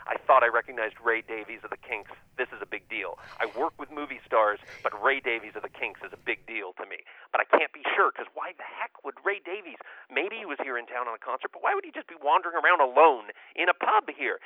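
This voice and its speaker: A man on a remote line from Los Angeles, telling self-deprecating showbiz anecdotes in a casual, lively way. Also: medium pitch, fast, no room sound, narrow, tinny audio. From United States. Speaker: guest storyteller.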